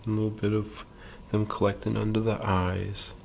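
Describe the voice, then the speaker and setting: A man teaching a library drawing lesson step by step, calm and patient, with many fillers and soft half-whispers while he draws. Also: fairly low pitch, moderate pace, gravelly, slight background noise.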